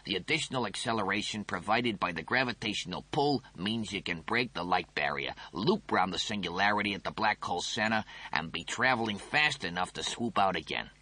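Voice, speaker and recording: A man's voice: lowish voice, lively intonation, brisk, few pauses, bright, forceful tone, dry recording. Man doing a smug, teasing talking toaster. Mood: lecturing. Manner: coy, teasing, lecturing.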